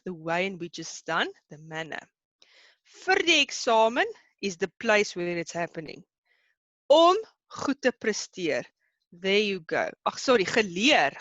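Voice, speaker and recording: A woman's voice: fairly low pitch, fairly bright tone, no room sound, lo-fi sound. A woman teaching an online lesson, patient and encouraging, who laughs easily.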